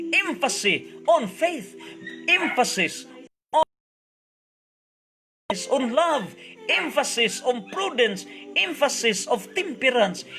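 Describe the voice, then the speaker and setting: A man's voice: very high voice, pushed and bright. A man preaching a sermon, switching languages mid-sentence and reciting long repeated lists.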